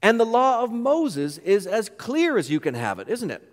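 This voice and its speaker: High-voiced man preaching in a reverberant hall. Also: huge pitch swings, moderate pace. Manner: emphatic, rhetorical questions. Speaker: pastor. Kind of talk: sermon.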